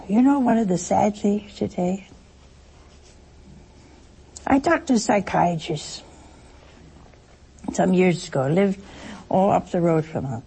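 Woman preacher with a slow, homely, storytelling delivery and a gravelly edge. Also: medium pitch, mellow, low-quality recording. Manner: chatty, anecdotal, chuckling asides. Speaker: religious speaker. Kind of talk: televised spiritual talk to listeners.

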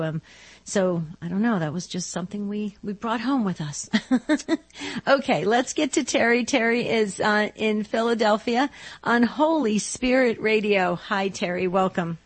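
A woman's voice: medium pitch, moderate pace. A woman hosting a radio talk show in a chatty way, with a lingering cough. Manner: chatty, friendly. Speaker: radio host.

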